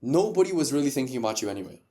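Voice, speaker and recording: A man's voice: mid-range voice, big pitch swings, very fast, warm tone. Guy guesting on a podcast, punchy, lots of rhetorical questions, laughs a bunch, mid voice. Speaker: podcast guest, entrepreneur and content creator. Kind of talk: casual podcast conversation.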